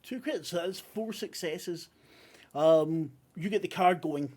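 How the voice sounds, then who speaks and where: Man, game master, rambling, self-correcting, slightly high pitch. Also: slow, a little mellow. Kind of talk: narrating a tabletop game.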